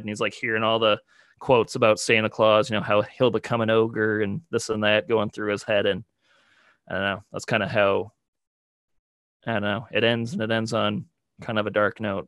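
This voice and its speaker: A man's voice: lowish voice, fairly bright tone, no room sound. Rambling podcast man, dry close sound. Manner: rambling, full of "like" and "you know". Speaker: podcast co-host. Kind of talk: casual chat.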